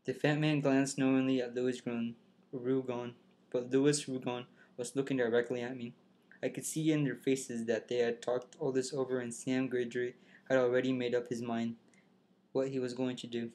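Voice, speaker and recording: A man's voice: medium pitch, level tone, normal speed, darkish tone. A man reads a novel aloud in the first person with a mid-range voice. He stumbles, restarts words and rereads lines, breaking off now and then to comment on the passage. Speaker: reader.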